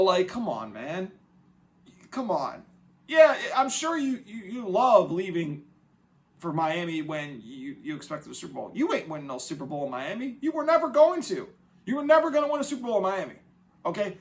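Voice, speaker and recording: Casting: male sports podcaster, high voice, sarcastic swearing rants. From New England, United States. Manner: animated, mocking, profane rants. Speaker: podcast host. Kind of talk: casual sports commentary.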